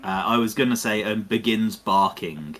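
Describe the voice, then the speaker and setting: A man narrating as dungeon master, measured and descriptive, thinking aloud between rulings. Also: on the low side, a bit bright, soft background music. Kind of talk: narrating a tabletop game.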